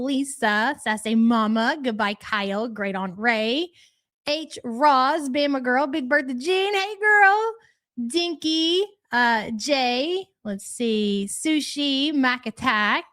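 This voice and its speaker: A woman's voice: high-pitched, a bit bright. Chatty woman live-stream host. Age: adult parent. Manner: chatty, rattles off viewer names. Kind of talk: casual live-stream chat.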